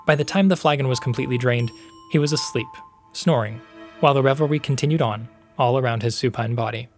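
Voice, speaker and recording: A man narrating a fantasy story in a steady, measured storytelling voice. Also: mid-range voice, soft background music. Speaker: podcast narrator. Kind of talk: scripted audiobook narration.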